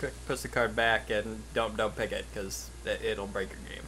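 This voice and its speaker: A man's voice: on the low side, level tone, normal speed, bright, forceful tone, a little hiss or hum. A man in casual gaming chat, teasing and bossing a friend about the game. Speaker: card game player.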